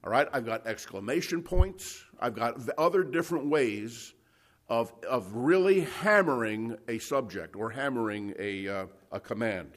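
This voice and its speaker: This is expository Bible teaching from a male preacher with an ordinary, animated mid-range voice at normal speed. He goes verse by verse, speaking emphatically while stammering through restarts and clearing his throat, and he often checks in with "okay?" and "you see."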